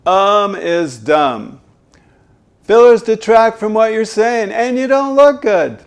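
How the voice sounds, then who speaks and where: A man's voice: on the high side, darkish tone. A man working as a voice coach, giving an instructional talk and demonstrating voice faults with emphatic delivery.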